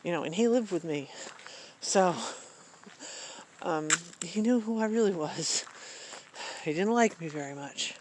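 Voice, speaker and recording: A woman's voice: lowish voice, animated, unhurried, pauses often, a little mellow, a little hiss or hum. A middle-aged woman from Maine, talking outdoors in the woods in a reflective, hesitant monologue full of ums and restarts. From Maine, USA. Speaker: vlogger.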